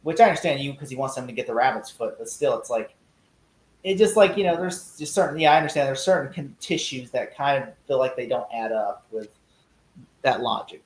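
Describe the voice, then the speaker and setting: A man who is a guest in a casual podcast discussion, telling stories with lively energy and acting out quotes in mock voices. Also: mid-range voice, brisk, roomy sound, low-quality recording.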